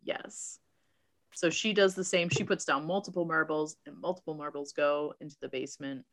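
A woman's voice: deep voice, steady tone, normal speed, fairly bright tone. A woman co-hosting a casual chat, recapping a movie from her notes and laughing often. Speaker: podcast co-host.

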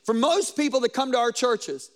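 A man's voice: very high-pitched, moderate pace. A man preaching a sermon, telling stories and quoting conversations, with frequent rhetorical questions.

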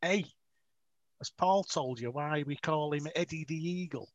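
A man's voice: on the high side, a little slow, dry recording, highs cut off, pitched above the performer's own voice, lightly acted. A man voicing a cheeky, teasing delivery driver with a Scouse accent, in a story he tells.

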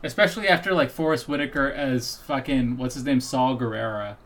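A man's voice: medium pitch, fairly quick, fairly bright tone, a little hiss or hum. Joking, rambling male podcast host. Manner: joking, swears freely, rambling with restarts. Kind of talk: casual podcast chat.

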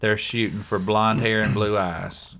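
A Southern-accented man co-hosting a podcast, talking in a loose, chatty way. His voice sits a little low. He keeps turning to his co-host by name. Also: little pitch movement, a little slow, a bit bright. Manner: chatty, often says his co-host's name. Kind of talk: casual podcast chat.

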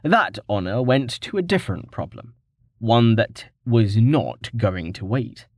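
A male audiobook narrator reading fantasy prose in an unhurried, measured way. His pitch moves freely through each sentence, and the recording is dry and close. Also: big pitch swings, dry recording.

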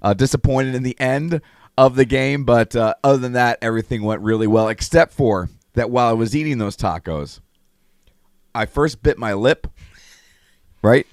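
A man hosting a radio show, chatting casually, hoarse and talking with a slight lisp from a swollen tongue, with lots of fillers. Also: mid-range voice, brisk, dry recording, clean studio sound. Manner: chatty storytelling with frequent fillers. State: hoarse, lost voice. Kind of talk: casual chat.

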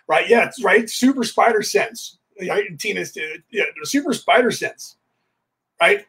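A man with a rather high, husky voice tells a story in a loose, chatty way. He hosts a podcast and keeps slipping into the voices of the people in his anecdote, acting out what each one said. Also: a little slow. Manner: animated, re-enacts dialogue while telling stories. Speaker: podcast host.

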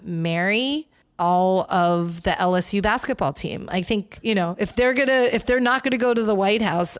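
A woman's voice: medium pitch, no echo, clean studio sound. A woman from New York hosting a podcast alone, talking in a chatty, gossipy, sarcastic way with lots of fillers. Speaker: podcast host. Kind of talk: casual solo podcast commentary.

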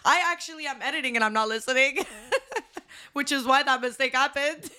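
A woman co-hosts a casual podcast, laughing often as she tells her stories. Her voice sits a bit high and sounds bright and forceful. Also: brisk. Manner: giggly, animated storyteller. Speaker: podcast co-host. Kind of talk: casual chat.

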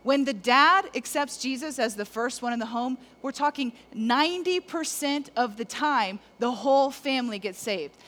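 Woman, preacher, fairly high voice, animated, speaks right to the crowd, conversational sermon. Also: moderate pace, few pauses. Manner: animated, conversational, addresses the audience directly. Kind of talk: sermon to men.

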